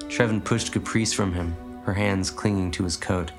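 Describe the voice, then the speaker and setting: A man narrating an audiobook story in a measured, even way. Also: sits low, music in the background. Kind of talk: audiobook reading.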